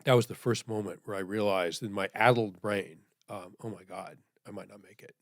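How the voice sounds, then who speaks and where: A middle-aged man telling a story as a podcast guest, rambling and checking in with "right?", dropping to a hushed voice at grave moments. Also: lowish voice, steady tone, brisk, creaky, dry recording, clean studio sound.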